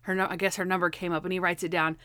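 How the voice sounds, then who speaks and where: A young woman chatting casually as a co-host, retelling TV scenes with lively acted-out voices for the characters. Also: lowish voice, racing, smooth, no room sound. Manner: animated retelling, acting out quoted characters in changed voices. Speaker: podcast co-host. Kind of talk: casual chat.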